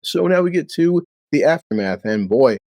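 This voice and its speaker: A man's voice: fairly high pitch, animated, normal speed, a little mellow, no echo. A man giving a casual recap of a TV episode, blunt and sarcastic, swearing freely. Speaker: show recap host.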